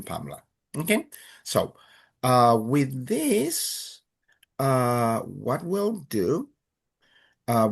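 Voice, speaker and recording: A man's voice: medium pitch, creaky. A man teaching a beginner class, patiently walking students through verb conjugations with many fillers and check-ins. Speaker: Spanish teacher. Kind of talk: online class instruction.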